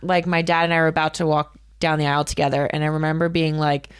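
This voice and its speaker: Casting: young female co-host, slightly low pitch, easygoing storyteller. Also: little pitch movement, quick pace, smooth. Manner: chatty storytelling with frequent laughs. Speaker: podcast co-host. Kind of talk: casual chat.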